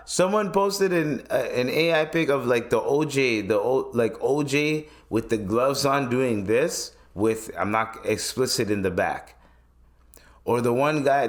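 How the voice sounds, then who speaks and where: A man in his twenties hosting a podcast, chatting loosely and rambling with plenty of swearing. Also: mid-range voice. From Canada. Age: 20s. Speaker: podcast host. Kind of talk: casual podcast chat.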